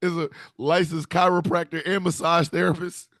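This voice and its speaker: A man delivering a rambling, profane comedy rant with animated storytelling. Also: fairly high pitch, normal speed, dry recording, studio quality.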